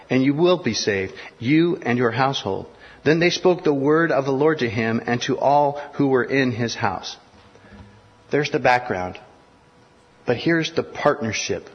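A man's voice: a little high, slightly rough. Man preaching in an echoing hall. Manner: expository preaching, acting out biblical dialogue. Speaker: pastor. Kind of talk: sermon. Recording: dull recording in a reverberant hall.

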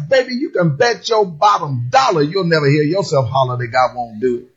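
Raspy high-voiced preacher, shouting and lively. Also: male voice, fairly quick. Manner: animated, shouting, singsong emphasis. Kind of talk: sermon. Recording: dull lo-fi recording.

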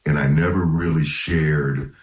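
Deep-voiced older man, roomy sound. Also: fairly even intonation. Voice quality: deep, resonant voice. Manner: measured, reflective, with small restarts. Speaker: guest. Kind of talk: radio interview.

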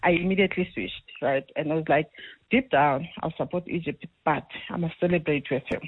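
Animated South African woman on a tinny phone line. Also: sits low, brisk, slightly rough, no echo. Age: middle-aged. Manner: animated, storytelling. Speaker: caller. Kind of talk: casual phone-in chat.

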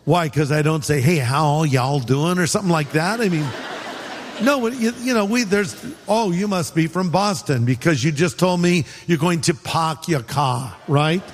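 A man's voice: sits high, moderate pace, in a large hall, a little hiss or hum. A man from California preaching a sermon in a conversational way, with humorous asides. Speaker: pastor.

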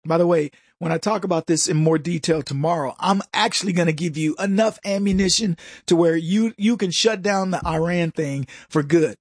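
A man hosting a political commentary show, brash and mocking, laughing often and slipping into high voices to mimic people. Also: moderate pace, hardly any pauses, slightly rough, no echo, clean studio sound. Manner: jumps into high put-on voices for quoted people. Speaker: political talk show host. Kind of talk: opinionated commentary monologue.

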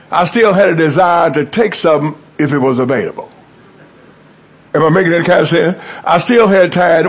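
A man's voice: sits high, slightly rough. A middle-aged man preaching a testimony sermon, calling out to the congregation. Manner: call-and-response preaching, rising and falling emphasis.

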